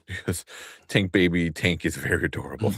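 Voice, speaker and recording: A man in his thirties co-hosting a casual movie news stream, telling family stories and acting out quotes in a high voice. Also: fairly quick, creaky, a bit bright, breathy edge, no room sound, studio quality. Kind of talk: casual chat.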